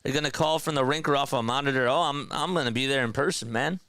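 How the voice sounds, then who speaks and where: A young man runs a fan play-by-play stream, moving between calling pitches and chatting with his viewers. His voice is smooth and resonant. It sounds dry and close, with no room around it. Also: fast, pushed and bright, no echo. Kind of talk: casual live play-by-play commentary.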